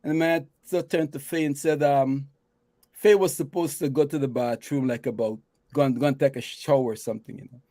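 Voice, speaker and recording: A man with a Guyanese accent chatting about his experience, reflective and lively when he tells stories. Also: mid-range voice, a little fast, no room sound. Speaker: guest. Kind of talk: casual chat, storytelling.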